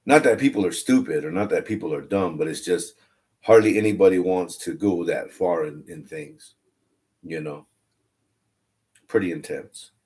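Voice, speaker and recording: A man's voice: sits low, normal speed, darkish tone. A man talking casually and candidly on a livestream about faith, rambling and restarting his phrases. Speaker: online religious streamer.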